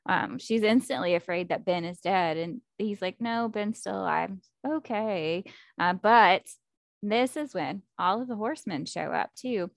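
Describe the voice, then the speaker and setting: Animated woman recapping a book. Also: medium pitch, unhurried, no echo, studio quality. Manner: animated, acts out character quotes, fillers like 'like' and 'um'. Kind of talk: casual chat, recapping a book plot.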